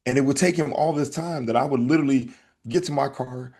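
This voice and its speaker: A man hosting a casual podcast, telling a story in an animated way and acting out the back-and-forth. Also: medium pitch, fairly quick. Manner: animated storytelling, acts out exchanges. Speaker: podcast host.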